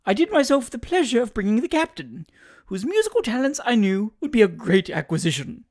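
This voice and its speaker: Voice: mid-range voice, very animated, fairly quick, a little mellow, voice pushed up. A reader voicing an affected upper-middle-class woman with a careless, genteel, self-important manner in an audiobook. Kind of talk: audiobook character voice.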